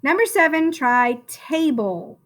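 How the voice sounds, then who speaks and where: A woman teaching a phonics lesson to first graders, sounding out words slowly and encouraging the children in a sing-song teacher voice. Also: high voice, lively intonation, fairly bright tone. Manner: slow, drawn-out sounding out of words.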